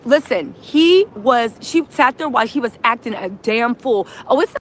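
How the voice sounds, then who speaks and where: A woman hosting a reaction livestream, recapping events in animated storytelling, acting out quotes and often asking "right?". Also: on the high side, moderate pace. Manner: punctuates with "right?". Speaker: streamer host.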